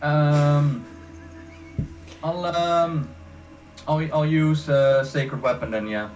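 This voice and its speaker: A man's voice: fairly high pitch, steady tone, drawn-out words, darkish tone, recorded from a distance, soft background music, rough recording. A man playing a tabletop game, chatting casually and teasing the other players. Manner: joking, teasing banter.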